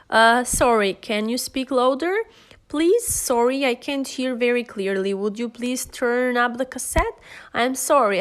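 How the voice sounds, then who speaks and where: Albanian-accented woman teaching English phrases. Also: a little high. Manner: slow, careful delivery with frequent hesitations and restarts. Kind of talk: classroom lesson reading example phrases.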